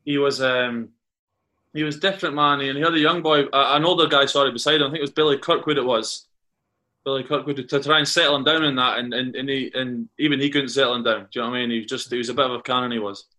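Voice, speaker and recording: A man's voice: mid-range voice, fairly even intonation, quick pace, sharp tone. A Scottish man from Carnoustie, a former footballer, chatting as a guest and telling rambling stories full of restarts and repeated words. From Carnoustie, Scotland. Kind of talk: casual podcast chat, anecdotes.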